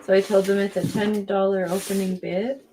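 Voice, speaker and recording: A woman co-hosting a live art auction, reading out incoming bids in a slow, hesitant way. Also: mid-range voice, flat delivery, warm tone, a little hiss or hum, poor audio. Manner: slow and hesitant, with fillers and light laughs.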